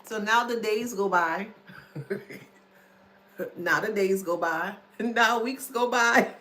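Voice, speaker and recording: A woman's voice: mid-range voice, slow, pushed and bright. A woman commentator in a casual monologue, blunt and scornful, who spells out words letter by letter. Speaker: online commentator.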